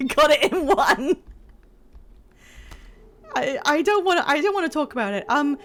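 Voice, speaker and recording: Higher-voiced woman rambling while gaming. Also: animated, unhurried, fairly bright tone. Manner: rambling, self-deprecating, trails off mid-thought. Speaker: game streamer. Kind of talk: casual live gameplay commentary.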